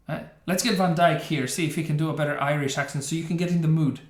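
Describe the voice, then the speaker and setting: Male reaction host, slightly high voice, mocking and opinionated, roomy sound. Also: fairly even intonation, fast talker, hardly any pauses. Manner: sarcastic, scornful, laughs often. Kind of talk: opinionated game reaction commentary. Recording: roomy echo.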